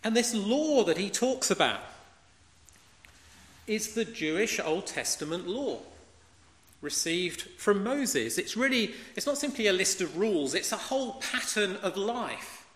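A man's voice: high-pitched, big pitch swings, unhurried, fairly bright tone. A man preaching a sermon, emphatic and fond of rhetorical questions. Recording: echoey hall with long reverb.

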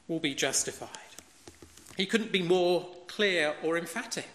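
A man's voice: high-pitched, animated, normal speed, pushed and bright. A man preaching a sermon, emphatic and fond of rhetorical questions. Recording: echoey hall with long reverb.

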